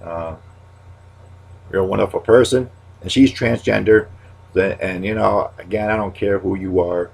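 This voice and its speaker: A man's voice: deep voice, steady tone, normal speed, creaky, pauses often, husky. A man in his thirties, a stand-up comic, talking to camera in a loose, rambling monologue full of restarts and pet catchphrases. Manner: goes quiet and subdued when talking about loss.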